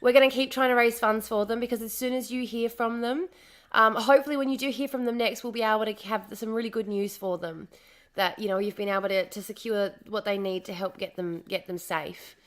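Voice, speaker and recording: A woman hosting a casual livestream, chatty and bubbly, a little hoarse as her voice comes back after being sick. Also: on the high side, fairly even intonation, brisk. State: recovering from lost voice, slightly hoarse. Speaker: livestream host.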